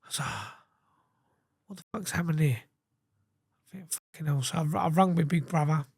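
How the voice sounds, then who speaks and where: A man's voice: fairly high pitch, moderate pace, darkish tone, husky, no echo, clean studio sound. Blunt, sweary man. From England. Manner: blunt, sweary, acts out quoted dialogue. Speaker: guest. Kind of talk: casual storytelling.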